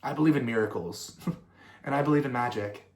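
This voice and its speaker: A young male musician chats loosely through viewer questions, drifting off on tangents and swearing freely. His voice sits at an ordinary middle pitch. The recording carries a noticeable roomy echo. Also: a little fast. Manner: rambling and swearing, full of fillers and tangents. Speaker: musician and content creator. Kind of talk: casual Q&A chat.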